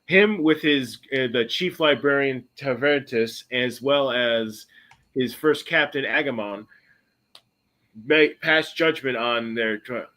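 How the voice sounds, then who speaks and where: A man hosting a podcast, casually retelling a story in a rambling way, correcting himself often and breaking into bursts of excitement. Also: medium pitch, slow. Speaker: podcast host.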